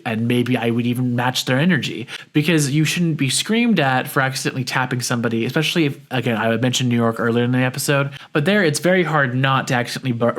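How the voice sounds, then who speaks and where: Young male podcast host, mid-pitched, thinking aloud, conversational with restarts. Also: a bit bright. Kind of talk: casual solo commentary.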